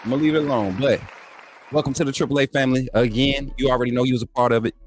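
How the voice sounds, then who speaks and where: A man's voice: medium pitch, fairly even intonation, rapid-fire, a faint crowd, slight background noise. A man with an Alabama accent hosting a live call-in sports stream, reading super chats in a hyped, trash-talking, playful way. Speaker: live stream show host.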